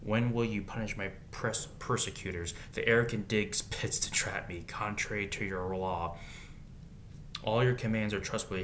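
A man's voice: fairly low pitch, steady tone, moderate pace, fairly bright tone, a little hiss or hum. A man reading Bible verses aloud in a casual way, breaking off now and then with slangy comments of his own.

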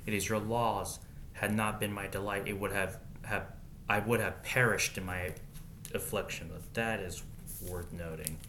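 A man's voice: on the low side, fairly even intonation, a little slow, pushed and bright, slight background noise. A man reading Bible verses aloud in a casual way, breaking off now and then with slangy comments of his own.

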